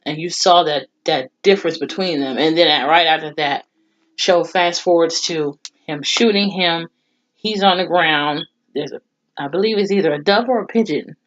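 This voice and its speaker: A woman casually recapping a TV episode in a blunt, expressive way, swearing freely. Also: deep voice, moderate pace. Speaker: TV show reviewer. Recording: dull lo-fi recording.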